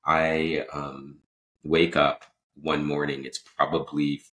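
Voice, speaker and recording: Man, very low voice, podcast host, casual rambling story, self-interrupting, laughs mid-sentence. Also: level tone, slow, pushed and bright, a little hiss or hum.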